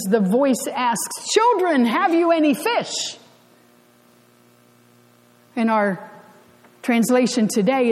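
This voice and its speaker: A woman pastor preaches with a bright, high voice. She tells the story in a conversational, lightly humorous way. Her words carry a long reverb from the church sanctuary. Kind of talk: sermon.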